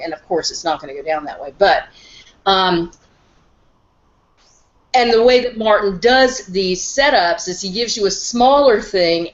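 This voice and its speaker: The host's mother, a middle-aged woman, joins a casual discussion as a guest panelist, chatting animatedly and addressing the others directly. Her voice is mid-range and the recording is muffled.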